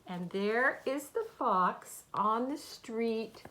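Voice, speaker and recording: A woman reading a picture book aloud to children, slowly explaining the pictures. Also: fairly high pitch, lively intonation. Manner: slow, gentle, explaining the pictures. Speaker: storytime reader.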